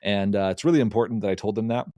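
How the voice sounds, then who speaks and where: A man, a podcast guest, telling an animated anecdote in casual conversation, often restarting his sentences. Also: lowish voice, rapid-fire, no room sound. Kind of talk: casual storytelling.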